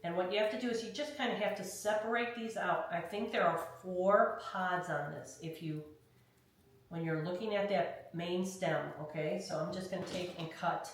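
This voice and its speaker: A woman's voice: lowish voice, normal speed. A woman leading a hands-on craft tutorial, talking through each step in a chatty way and often checking in with "okay?". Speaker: craft instructor. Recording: very echoey room, mic far off, faint noise.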